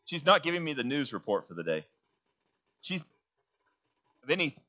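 Bright-voiced preacher delivering a sermon. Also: male voice, a little high, very animated, moderate pace. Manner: emphatic, asks the congregation questions, then answers them. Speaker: pastor.

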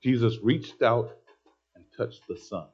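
A man preaching a sermon, telling a story with excitable, emphatic energy. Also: medium pitch, measured pace, breathy edge. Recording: dull lo-fi sermon recording.

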